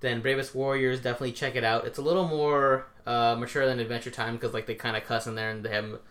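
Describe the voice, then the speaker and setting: A young man co-hosting a podcast, telling stories in a lively, casual way with offhand swearing. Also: medium pitch, quick pace. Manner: animated storytelling, swearing casually. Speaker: podcast co-host. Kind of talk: casual chat.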